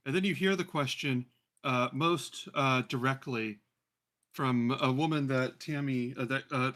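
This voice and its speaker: A man narrating as game master of a fantasy tabletop game, relaxed and halting with many fillers. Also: medium pitch. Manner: relaxed, many ums and uhs.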